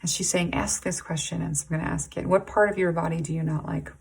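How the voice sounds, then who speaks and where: A woman reads tarot to camera in a low, gravelly voice with a husky edge. Her talk is halting and rambling, full of restarts and "like"s. She pauses often to sigh and breathe, caught up in the emotion of the reading. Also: fairly even intonation. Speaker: tarot reader.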